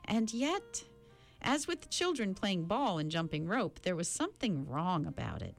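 Lady reading a kids' book out loud, voice goes up and down a lot. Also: normal speed, creaky, soft background music. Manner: expressive reading with a lively pitch. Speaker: audiobook narrator. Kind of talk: storybook narration.

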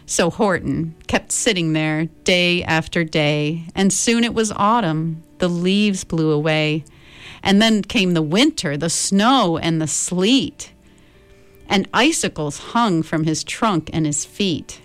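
A woman's voice: lowish voice, slow pace, no room sound. A woman reading a picture book aloud as storyteller, talking directly to her listeners in a friendly way.

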